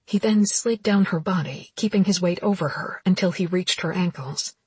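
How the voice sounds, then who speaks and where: A woman narrating a romance novel as an audiobook in steady, intimate storytelling. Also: fairly low pitch, moderate pace, slightly rough, dry recording.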